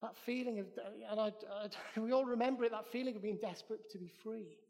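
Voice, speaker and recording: A man's voice: sits high, brisk, a little mellow, long reverb tail. A Welsh man preaching a sermon in a church, emphatic and repeating his phrases in threes.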